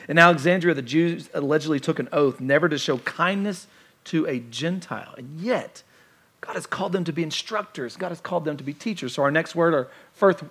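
A male pastor delivers a sermon in a lively, conversational way, with playful asides to his listeners. His voice sits a little higher than most men's.

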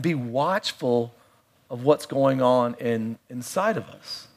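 A middle-aged man preaching a sermon in a conversational way, with playful asides and quiet, reflective stretches. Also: on the high side, lively intonation, measured pace. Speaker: pastor.

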